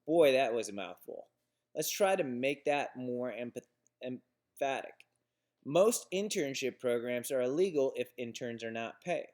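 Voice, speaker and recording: A man giving a recorded lecture on business writing. His voice sits at an ordinary middle pitch. He talks through examples plainly, stumbling and restarting now and then. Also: animated, unhurried, darkish tone. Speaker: instructor.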